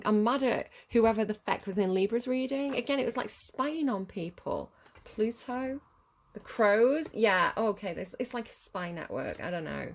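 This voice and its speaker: A woman talks her way through a tarot reading in a loose, chatty ramble, dropping swear words without a second thought. Her voice sits at an ordinary middle pitch and has a gravelly, fry-edged texture. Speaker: tarot reader. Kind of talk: casual tarot reading monologue.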